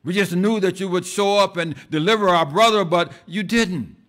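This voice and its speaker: A man's voice: high voice, normal speed, a bit bright, pitched above the performer's own voice. A male preacher voicing a grieving woman who bursts out in raised, pleading reproach. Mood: anguished. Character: grieving woman, anguished and accusing.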